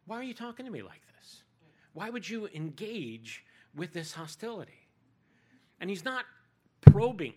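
A man's voice: sits high, very animated, normal speed, fairly bright tone, breathy edge, pitched above the performer's own voice, heavily acted. A man voicing Jesus as a teacher who answers with probing questions, in a sermon retelling.

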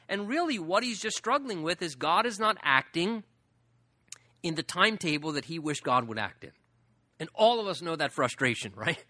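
A man preaching a sermon in an earnest way, acting out pleading questions and leaning hard on drawn-out words. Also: high voice, sharp tone, no room sound. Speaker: pastor.

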